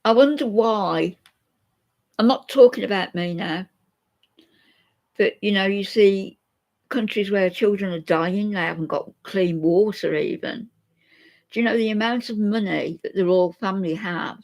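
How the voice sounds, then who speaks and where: A mid-range voice with a darkish tone and normal speed belongs to an older woman vlogging live. She chats openly and ramblingly with her viewers, reading out their comments in an emotional session.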